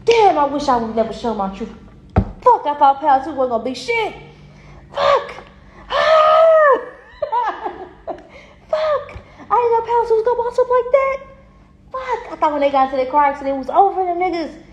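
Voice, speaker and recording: A woman's voice: very high voice, animated, normal speed, long pauses, reverberant, slight background noise, pitched above the performer's own voice. A woman voicing a bitter, envious hater who whines over having doubted someone, exclaiming and breaking into laughter. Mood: regretful.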